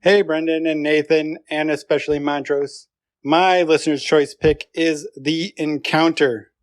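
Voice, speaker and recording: A man leaving a recorded listener message, speaking in an enthusiastic and emphatic way. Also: a little high. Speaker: listener sending in a pick.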